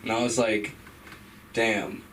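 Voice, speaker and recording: A man's voice: medium pitch, moderate pace, a bit bright. A man doing stand-up at an open mic, casual and rambling, laughing at his own jokes. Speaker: stand-up comedian. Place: comedy club stage. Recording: distant mic, background noise.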